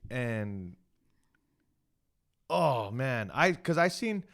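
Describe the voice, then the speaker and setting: A man's voice: mid-range voice, big pitch swings, extremely slow, gravelly, fairly bright tone. A man co-hosting a casual podcast chat, telling a story in a rambling way full of restarts. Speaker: podcast co-host.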